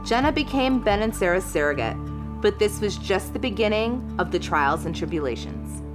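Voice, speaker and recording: A woman giving scripted narration for a documentary-style brand story, with a measured, dramatic delivery. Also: medium pitch, animated. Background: loud music.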